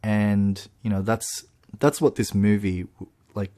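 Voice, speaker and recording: A man co-hosting a podcast, chatting in an animated way with laughs and restarts. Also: lowish voice, unhurried. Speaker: podcast co-host. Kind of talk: casual chat. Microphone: podcast microphone.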